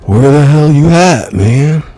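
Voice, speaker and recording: A man's voice: mid-range voice, lively intonation, slow pace, mellow, breathy edge, dry recording, voice pushed up, heavily acted. A man voicing an impatient, brash friend snapping over the phone. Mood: irritated. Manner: irritated, brash. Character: impatient tough-talking male friend.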